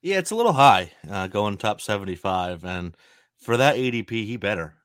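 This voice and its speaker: A man with a Northeastern US accent co-hosting a podcast, feeling under the weather with a slightly rough voice, talking in a relaxed, easygoing way. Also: fairly low pitch, normal speed, no echo, studio quality. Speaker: podcast co-host.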